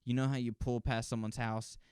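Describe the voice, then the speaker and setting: A man's voice: medium pitch, little pitch movement, a little fast, a little mellow, smooth, dry recording, clean studio sound. Man telling rambling profane stories. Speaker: podcast host. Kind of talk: casual solo podcast monologue.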